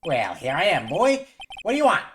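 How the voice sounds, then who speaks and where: A woman voicing a pompous older male lawyer who tacks "see?" onto his sentences, in a loud, high, swinging voice. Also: big pitch swings, moderate pace, a little hiss or hum. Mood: blustery. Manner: ends sentences with a gangster-like "see?". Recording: game music underneath.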